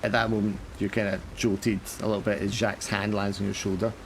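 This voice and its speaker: A man's voice: lowish voice, flat delivery, fast talker, gravelly, a little hiss or hum. A man narrating a tabletop horror game as game master, casual and full of fillers.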